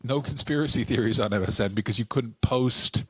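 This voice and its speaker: A man from Canada co-hosting a comedy podcast, telling stories in animated, quick asides. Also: mid-range voice, husky. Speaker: podcast co-host. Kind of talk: casual comedic chat.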